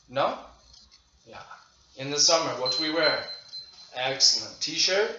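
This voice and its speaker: Bright, slow-speaking male English teacher. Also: medium pitch, animated. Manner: slow, deliberate, repeating phrases for learners. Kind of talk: demo lesson for children. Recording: roomy, dull lo-fi audio with faint noise.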